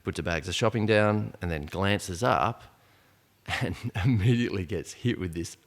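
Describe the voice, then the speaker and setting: A man telling a tense story in casual podcast chat, animated and full of asides. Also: sits low, normal speed. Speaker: podcast guest. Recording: long reverb, echoey room.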